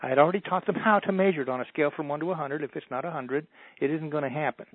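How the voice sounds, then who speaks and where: Guy with a higher voice telling folksy stories on a radio interview, tinny phone line. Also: racing, husky, dry recording. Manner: folksy, animated storyteller. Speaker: motivational speaker guest.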